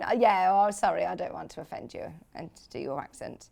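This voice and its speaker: A woman presenting products on live shopping television, chatty and enthusiastic, joking with the crew between sales pitches. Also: fairly quick, vocal fry, darkish tone.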